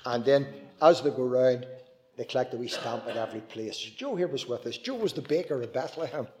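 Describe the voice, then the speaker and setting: A man with a Northern Irish accent, an evangelist telling a church audience a lively story and preaching as he goes, acting out voices along the way. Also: medium pitch. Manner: animated, acts out voices in his stories.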